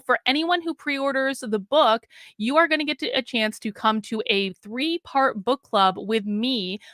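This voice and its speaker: An upbeat woman with a slightly high voice hosts a live online chat. She speaks plainly and promotes her book in a friendly way. The sound is dry and close. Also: fairly bright tone, no room sound. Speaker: host and author. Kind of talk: casual interview hosting.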